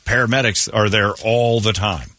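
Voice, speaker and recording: A man's voice: fairly low pitch, normal speed, sharp tone, no room sound, clean studio sound. A man hosting a morning radio show, rambling through a story and acting out other people's lines. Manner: rambling storyteller, acts out voices. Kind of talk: casual morning show banter.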